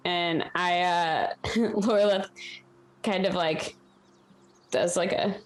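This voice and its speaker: A woman's voice: fairly low pitch, steady tone, takes it slowly, long pauses. A woman playing a tabletop game, hesitant and questioning as she describes her character. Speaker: player.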